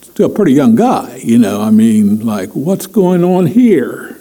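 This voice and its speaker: A man's voice: mid-range voice, big pitch swings, a little slow, warm tone. A man acting out a distressed young king who pleads with God, stammering as he asks why he must die. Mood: pleading.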